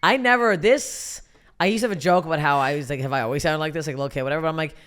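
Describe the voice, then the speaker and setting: A woman with a remarkably deep voice, appearing as a guest comedian on a laid-back podcast, tells animated, profane stories at a racing pace.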